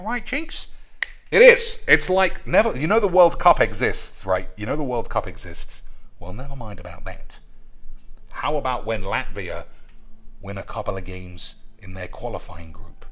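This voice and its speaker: A man's voice: lowish voice, a bit bright. A man streaming casually, chatting in profane, sardonic banter with his viewers. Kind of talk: casual live-stream chat.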